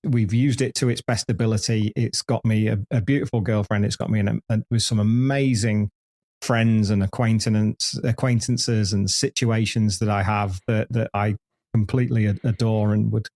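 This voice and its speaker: A man's voice: on the low side, a little mellow. A man in his fifties, a podcast host telling rambling stories with lots of restarts in a candid interview. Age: 50s. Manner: rambling anecdotal storyteller with frequent restarts.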